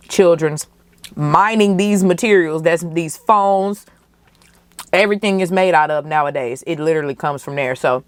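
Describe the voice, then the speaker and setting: Podcast host, young woman, low voice, passionate casual movie reaction. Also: clear, resonant tone, dry recording. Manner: animated, emotional, profane, slangy.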